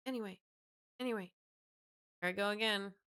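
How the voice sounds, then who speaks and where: Bright-voiced chatty young woman streamer. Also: mid-range voice, brisk, clear, resonant tone, dry recording, studio quality. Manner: chatty, self-mocking asides. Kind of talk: casual live-stream chat.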